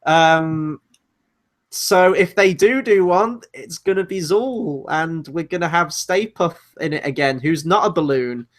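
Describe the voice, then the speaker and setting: Animated, higher-voiced man reviewing films. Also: measured pace. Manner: animated, rambling, sarcastic. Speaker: podcast co-host. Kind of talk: casual film review chat.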